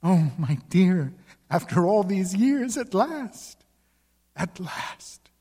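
A man reading the lines of a devoted ghostly woman from a painting in a ghost story, slow, tender and pleading. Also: high voice, big pitch swings, mellow, husky, big-room sound, voice pushed up, full character voice.

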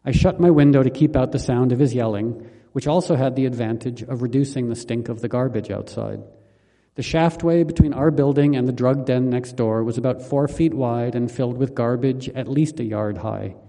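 Dark-voiced man narrating his memoir. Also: medium pitch, normal speed, big-room sound.

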